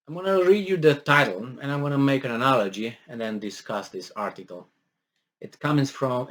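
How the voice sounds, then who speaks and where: A man with a voice on the low side gives casual commentary on a news article. He rambles with lots of fillers and restarts, acting out the voices he quotes with mock exasperation.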